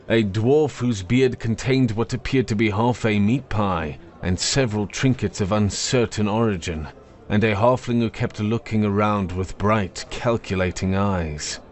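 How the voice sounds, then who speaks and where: A man narrating a fantasy story in a measured, expressive storytelling manner. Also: lowish voice.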